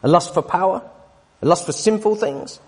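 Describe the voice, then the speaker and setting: Forties teacher, emphatic preaching, husky and high-pitched, echoing hall. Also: male voice, moderate pace, darkish tone. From United Kingdom. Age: 40s. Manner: emphatic, tag questions to listeners. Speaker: Bible teacher. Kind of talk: sermon-style Bible study. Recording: long reverb of a hall.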